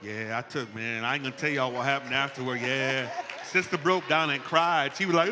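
A male pastor with a mid-range voice preaches at a moderate pace in a church sanctuary, giving a playful, conversational sermon. He's animated and calls out to the congregation, with some background noise and the long reverb of a church hall.

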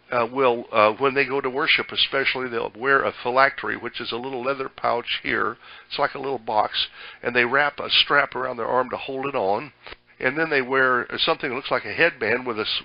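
A man's voice: mid-range voice, no room sound, dull audio. An older man preaching a sermon as pastor, folksy and conversational, with many fillers and restarts.

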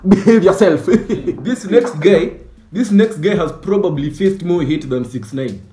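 Animated man ranting comically. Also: sits high, measured pace, roomy sound, faint music behind. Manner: animated, mixing in Swahili slang, mock-outraged. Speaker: comedy sketch creator. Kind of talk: comedic monologue with skits.

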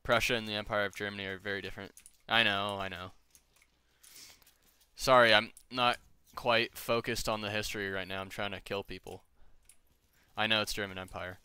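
A man's voice: lowish voice, steady tone, normal speed, pushed and bright, smooth, dry recording. A young man chatting casually with friends while gaming, rambling, joking and swearing freely. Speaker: gamer streaming with friends.

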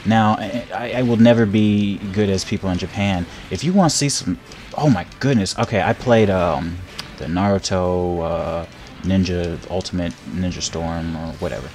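Deep-voiced rambling young man gaming. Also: normal speed. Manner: rambling, repeats words, laughs often, gets loud and excited when hit. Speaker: gameplay streamer. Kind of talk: casual gameplay commentary. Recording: faint game music behind.

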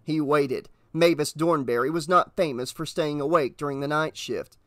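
A man narrating an audiobook in a steady, measured reading voice. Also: on the high side, dry recording, clean studio sound.

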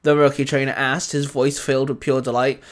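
A man reading a fan fiction story aloud in a steady storytelling voice. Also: mid-range voice, brisk. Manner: steady reading with small restarts.

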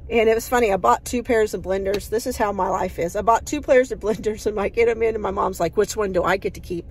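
A woman's voice: medium pitch, fast talker, a little mellow, a little hiss or hum. A woman, chatting casually in her yard for a vlog, upbeat and rambling with lots of fillers. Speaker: vlogger.

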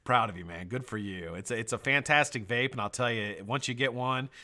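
A middle-aged man hosting a live stream, greeting viewers by name with loud shout-outs, swearing and joking. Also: medium pitch, brisk. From United States. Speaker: host.

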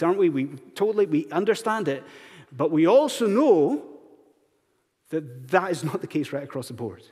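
A man's voice: on the high side, a little mellow, breathy edge. A man preaching a sermon in a church, asking the congregation one earnest rhetorical question after another. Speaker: pastor. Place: church sanctuary. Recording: long hall reverb in church.

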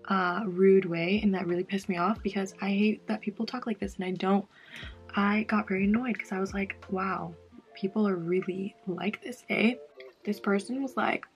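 A woman's voice: mid-range voice, moderate pace, breathy edge. Chatty young woman doing her makeup. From Canada. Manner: chatty, animated, mocking imitations. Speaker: beauty vlogger. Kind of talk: casual chat while doing makeup. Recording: faint music behind.

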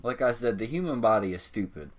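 A man's voice: medium pitch, animated, fast talker. A man co-hosting a casual gaming livestream, laid-back and dry, talking through a bout of hiccups. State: has the hiccups. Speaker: livestream co-host.

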